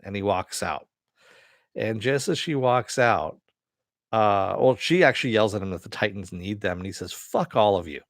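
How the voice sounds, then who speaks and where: A man's voice: on the low side, moderate pace, no room sound, studio quality. A man casually retelling a TV episode in a rambling way, full of fillers. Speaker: TV show reviewer.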